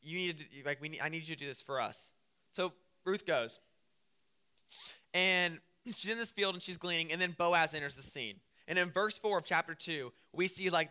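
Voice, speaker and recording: A young man preaching a casual sermon, telling the story with lively acted-out quotes. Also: a little high, clean tone. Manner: animated storytelling, acting out quotes.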